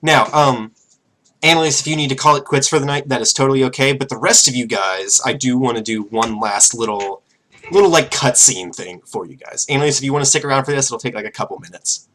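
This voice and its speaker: Male game master, casual filler-laden narration, mid-pitched everyday voice. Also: fast, a bit bright.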